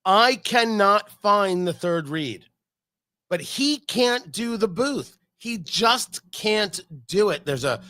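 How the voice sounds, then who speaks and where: Host, male; high, bright voice; emphatic, stammering opinions in a loose chat. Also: expressive, takes it slowly. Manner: opinionated, emphatic, stumbling restarts. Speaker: podcast host. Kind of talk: casual chat about football.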